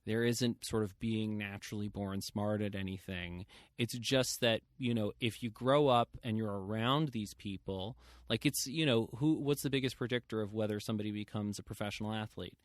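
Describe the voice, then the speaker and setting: A man in his thirties hosting a podcast, talking in a loose, animated way with lots of fillers and quoted asides. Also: fairly low pitch, normal speed, few pauses, no room sound, studio quality. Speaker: podcast host. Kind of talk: casual interview chat.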